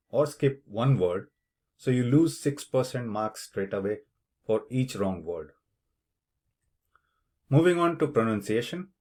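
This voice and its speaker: A man works as an English test tutor, giving an instructional explanation of the speaking task step by step in a slow, deliberate way. He says example words aloud to show where the stress goes, in a mid-range voice with a darkish tone.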